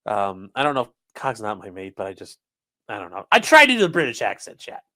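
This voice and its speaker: A man's voice: fairly low pitch, brisk. A man giving casual, sarcastic legal commentary on a livestream, talking straight to his chat. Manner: casual, sarcastic, lively asides.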